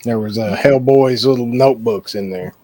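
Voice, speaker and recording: A man's voice: mid-range voice, moderate pace, mellow, no echo. A man co-hosting a casual chat, chiming in with jokey asides.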